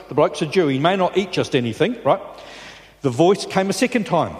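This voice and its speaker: A man's voice: mid-range voice, fairly quick. Chatty male preacher in an echoing church. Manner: conversational, checking in with listeners. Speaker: pastor. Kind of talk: sermon. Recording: long reverb in a large church.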